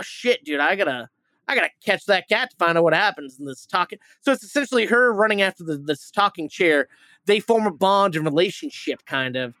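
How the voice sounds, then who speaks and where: A man's voice: fairly high pitch, fairly bright tone, no echo. A man hosting a movie review podcast, retelling a plot in a rambling, casual way, full of fillers, restarts and swearing.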